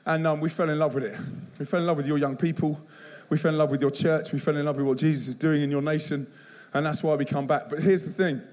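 Man, lively sermon, excitable slangy storyteller, raised voice, church talk. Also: fairly high pitch, fast, hardly any pauses. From United Kingdom. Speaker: guest youth evangelist. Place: church service.

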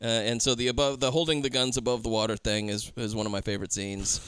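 A man's voice: mid-range voice, steady tone, fast talker, fairly bright tone, smooth, no echo. A man co-hosting a casual movie podcast with dry, sarcastic jokes. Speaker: podcast co-host. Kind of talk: casual chat.

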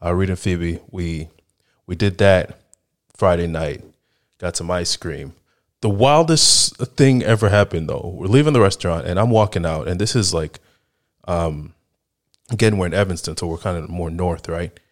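A man's voice: deep voice, moderate pace. A man in his thirties from the Chicago area, hosting a podcast and telling casual, rambling stories, laughing often and peppering his talk with "like" and "right?". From Chicago area, United States. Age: 30s. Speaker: podcast host. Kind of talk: casual storytelling monologue.

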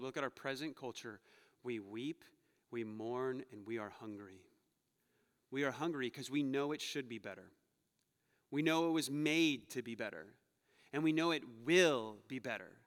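A man preaching a conversational sermon, moving between playful asides and quiet, earnest passages. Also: mid-range voice. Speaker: pastor. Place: church sanctuary. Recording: long reverb of a church hall.

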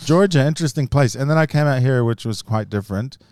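A man talks through his own stories in a relaxed, rambling way, breaking into laughter between lines. His voice sits in a middle pitch. The recording is dry and close. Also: fast, smooth, dry recording. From grew up in the US and Australia. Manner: rambling storytelling with frequent laughs. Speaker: comedian guest. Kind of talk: casual podcast chat.

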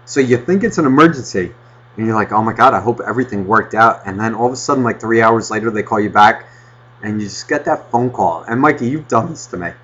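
A man's voice: mid-range voice, fast, breathy edge. A man riffs and rants on a casual podcast, swearing freely and slipping into exaggerated impressions of his friend. His voice sits in a middle register. The recording is dull and lo-fi. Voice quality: loud, animated ranting with mocking impressions. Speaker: podcast co-host.

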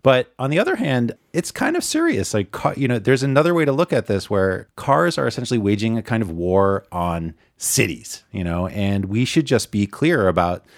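Earnest co-host, lower-voiced man, close dry mic. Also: big pitch swings, normal speed, hardly any pauses, no room sound. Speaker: podcast co-host. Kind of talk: casual chat.

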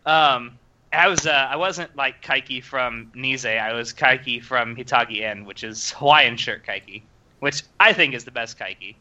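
A young man hosting a casual podcast chat, animated and laughing often. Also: mid-range voice, moderate pace, highs cut off. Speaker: podcast host.

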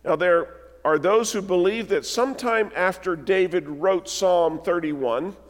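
A male pastor delivering a sermon and reading scripture aloud in a measured, deliberate way, recorded in a large church sanctuary. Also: high voice. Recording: long church hall reverb.

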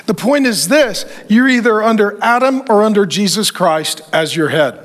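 A middle-aged male pastor preaching with a high, ringing voice. He drives his points home with punchy repeated phrases and slips in dry humor. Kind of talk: sermon.

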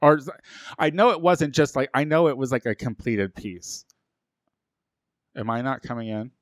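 A man chatting on a podcast, animated and gossipy, cursing without a second thought. His voice sits at an ordinary middle pitch. The sound is close and dry, with no room around it. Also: moderate pace, no echo. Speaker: podcast co-host. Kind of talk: casual chat.

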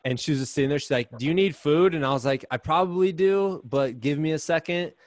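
A man's voice: on the high side, fast talker. A man talking casually as a podcast guest, telling a story in a chatty way with lots of "like" and fillers.

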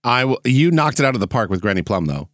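A man hosting a casual podcast interview, relaxed and sprinkling in "uh" as he talks. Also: mid-range voice, quick pace, no echo, studio quality. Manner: relaxed, uses filler "uh" often. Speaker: podcast host.

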